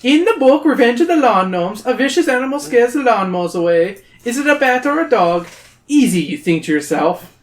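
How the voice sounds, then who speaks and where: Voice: medium pitch, lively intonation, brisk. A podcast host casually reading a gamebook aloud, cracking jokes and swearing freely. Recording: roomy echo.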